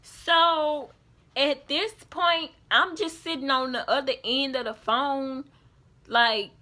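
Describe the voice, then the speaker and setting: Animated high bright young woman storyteller. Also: slow. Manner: animated storytelling, quoting others in put-on voices. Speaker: vlogger. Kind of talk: casual storytime.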